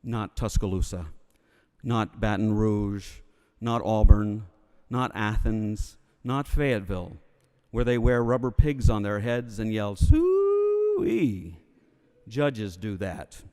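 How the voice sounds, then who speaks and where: A man's voice: fairly low pitch, takes it slowly, warm tone, smooth. A man from Alabama with a Southern accent, giving a humorous sermon as a preacher in a church. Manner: wry, humorous storytelling. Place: church sanctuary. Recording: long reverb of a church hall.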